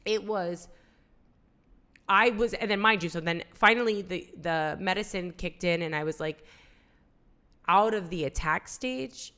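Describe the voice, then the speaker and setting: A woman's voice: lowish voice, unhurried, long pauses, sharp tone. A young woman co-hosting a casual podcast chat, telling an emotional personal story and acting out the dialogue. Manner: emotional storytelling, acts out quoted dialogue, many "like"s. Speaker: podcast co-host.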